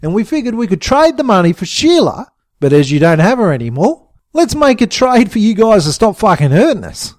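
A man's voice: sits high, big pitch swings, fairly quick, a little mellow, no room sound, clean studio sound, pitched above the performer's own voice. A man voicing a cheeky, battered young bogan man who explains a scheme.

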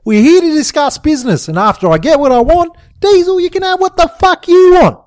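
A shouting, scheming older crook played by a man, his voice pushed high and swinging all over the place. He swears constantly and bosses everyone around. The sound is dry and close. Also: very animated, normal speed, no echo. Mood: bossy. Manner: shouting, foul-mouthed, demanding. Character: loud bossy scheming older male crook.

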